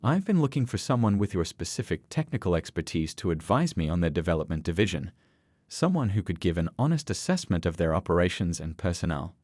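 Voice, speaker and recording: A man reading the lines of a composed male company chief in a story, measured and level. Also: low voice, big pitch swings, a little mellow, no room sound, clean studio sound.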